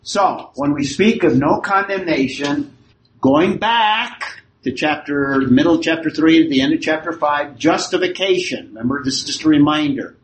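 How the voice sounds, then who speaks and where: A man's voice: a little high, a little hiss or hum. A man teaching a Bible study class in unscripted talk, often checking that his listeners follow. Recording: echoey room.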